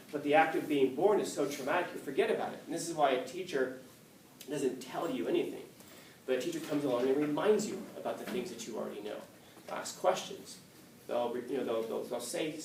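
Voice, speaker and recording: A man teaching a class, telling a story in a lively way and acting out the quotes, often restarting his sentences. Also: medium pitch, slight background noise. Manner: animated storytelling, acts out quotes, frequent restarts. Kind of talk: classroom lecture. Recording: echoey classroom from far off.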